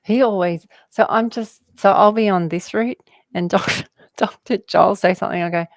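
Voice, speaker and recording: A woman's voice: medium pitch, moderate pace, no echo. A woman talking casually about spirituality, rambling and laughing often as she jumps between word associations. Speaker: guest.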